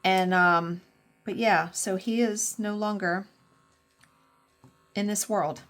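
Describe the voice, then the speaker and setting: A woman's voice: mid-range voice, fairly even intonation, takes it slowly, fairly bright tone. A woman in her forties chatting candidly as a crafting vlogger, rambling and swearing freely while she works. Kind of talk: casual storytelling chat while crafting.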